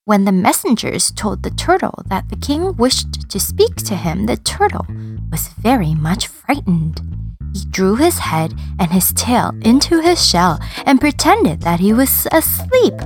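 A woman reading a children's story aloud in an expressive, sing-song storyteller manner. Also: mid-range voice, measured pace, soft background music.

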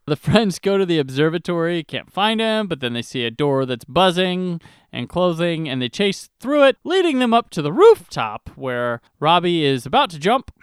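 Smooth-voiced man recapping a movie. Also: fairly high pitch, sing-song, normal speed, dry recording, studio quality. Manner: summarizing plot with wry asides. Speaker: podcast co-host recapping a film. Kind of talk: casual movie recap chat.

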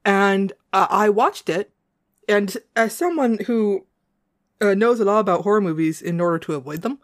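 A woman with a New England accent, chatting as a podcast co-host. Her tone is wry and easygoing, and her pitch sits in the middle of her range. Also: moderate pace. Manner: relaxed, wry, introduces the episode. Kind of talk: casual podcast chat.

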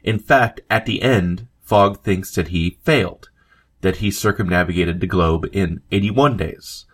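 A man's voice: low voice, unhurried, husky. A man hosting a podcast, narrating a history episode in a conversational way, with asides and fillers. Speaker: podcast host. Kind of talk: scripted history narration with read quotes.

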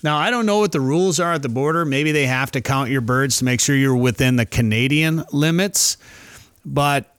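A man's voice: medium pitch, normal speed, a bit bright, clear, resonant tone, dry recording. A man hosting a casual talk show, rambling and thinking aloud about hunting rules, with many restarts. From United States.

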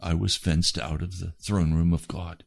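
A man's voice: deep voice, little pitch movement, normal speed, creaky. A man preaching a testimony sermon, impassioned, his voice rising to cries at moments.

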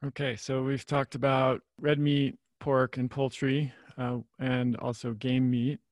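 A man's voice: mid-range voice, flat delivery, a little slow, dry recording. A man hosting a podcast interview, asking long questions full of qualifiers. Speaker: podcast host.

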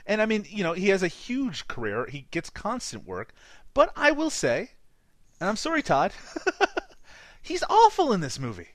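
A man's voice: high-pitched, wildly swooping pitch, a little slow, fairly bright tone, dry recording. A man with a light Newfoundland accent recapping a movie in casual podcast chat, laughing often and swearing casually. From Newfoundland, Canada. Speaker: podcast co-host.

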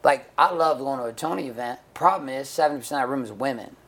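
A man's voice: mid-range voice, fast, fairly bright tone, slightly rough. A middle-aged man speaking bluntly and profanely in a candid interview, telling stories with acted-out quotes. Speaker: guest, men's coach and author.

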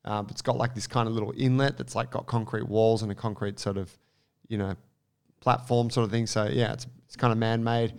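A man telling a story in casual podcast chat, rambling and animated with lots of fillers and restarts. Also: on the low side, a little fast, gravelly, smooth.

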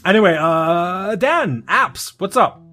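Lively, teasing male podcast host. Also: high-pitched, slow pace, soft background music. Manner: teasing, laughs often, animated. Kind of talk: casual banter.

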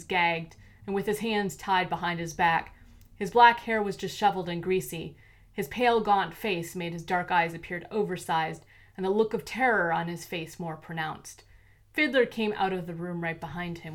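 A woman narrating a thriller novel in a steady, even storytelling manner. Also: fairly low pitch. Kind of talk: audiobook narration.

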